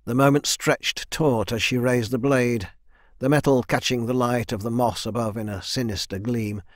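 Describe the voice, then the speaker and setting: A male narrator reads a fantasy audiobook in an even, measured way. His voice sits in a middle range. The recording is dry and close, from a studio booth. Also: medium pitch, dry recording. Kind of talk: scripted narration.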